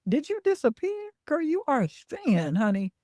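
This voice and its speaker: A woman's voice: high-pitched, sing-song, unhurried, warm tone, no room sound, studio quality, voice pushed up. A woman voicing a sassy hype-girl who cheers herself on with exaggerated, teasing praise in front of the mirror.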